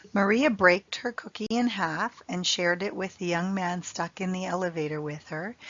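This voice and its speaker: A woman teaching an English grammar lesson, speaking clearly and repeating example phrases for learners. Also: fairly low pitch, dry recording, highs cut off.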